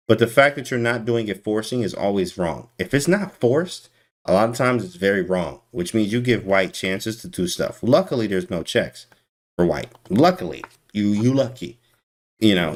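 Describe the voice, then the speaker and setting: Male chess streamer, low-ish, animated and teasing. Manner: animated, teasing, talks to chat. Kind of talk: casual live-stream chess commentary.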